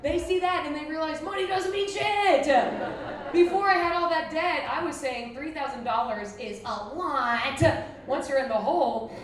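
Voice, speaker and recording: Her high-pitched voice moves at a moderate pace as she performs a brash, crude, self-mocking comedy routine in a former library. She's a stand-up in her thirties from Buffalo, New York, captured by an echoey, distant, noisy room mic amid crowd noise and audience laughter.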